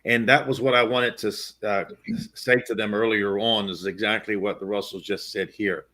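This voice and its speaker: A man with a fairly low voice reads a passage aloud to the class. He then makes his point in a measured, earnest way. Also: fairly even intonation, bright, forceful tone. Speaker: class participant reading aloud. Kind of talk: reading a text aloud and commenting.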